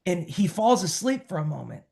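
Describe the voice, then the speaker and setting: A singer-songwriter man telling a long, animated story in a conversational podcast interview. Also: high-pitched, a little fast, vocal fry. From United States. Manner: animated storyteller, quoting others in his own voice.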